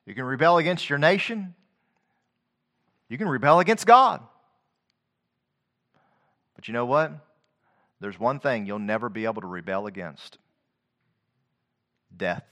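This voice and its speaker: A man preaching a sermon, quoting scripture in a rhythmic cadence and swinging from quiet low passages to loud, rising declamation. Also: lively intonation, normal speed, long pauses.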